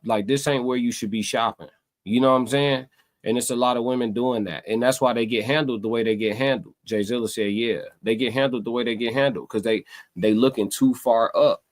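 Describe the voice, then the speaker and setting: A man hosting a live stream, talking casually to his chat in a loose, meandering way, repeating himself and searching for words. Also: mid-range voice. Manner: loose and meandering, many fillers and repeated phrases.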